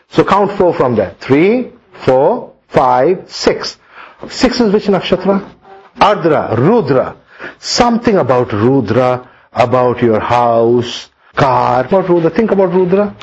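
Animated man lecturing with rhetorical questions. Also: a little high, slow pace. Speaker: astrology teacher. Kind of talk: lecture to students. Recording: dull lo-fi sound.

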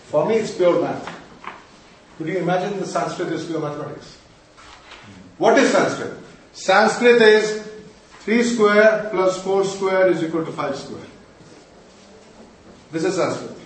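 In an echoey room recorded from far off, a middle-aged Sanskrit and mantra teacher lectures his class in a high voice with lively intonation, speaking slowly with long pauses. He quizzes the students, answers his own questions, and scolds them playfully.

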